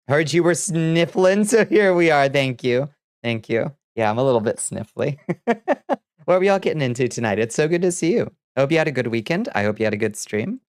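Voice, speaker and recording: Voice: mid-range voice, no echo, clean studio sound. A streamer from the American South, stuffy and congested, chatting casually with viewers, reading their messages and laughing often. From Southern United States. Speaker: VTuber streamer host. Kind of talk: casual livestream chat, reading chat aloud.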